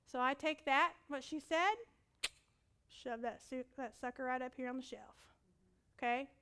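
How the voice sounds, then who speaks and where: A woman preaching with a high, bright voice. She tells her story in an animated way, keeps calling on the audience to respond and laughs often. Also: measured pace, clean tone. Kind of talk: sermon.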